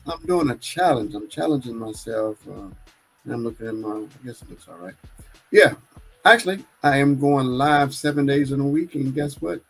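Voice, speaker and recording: A man's voice: mid-range voice, normal speed, vocal fry, husky, soft background music, low-quality recording. A man hosting his own live stream, chatting casually and rambling, often correcting himself. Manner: rambling and self-correcting, churchy.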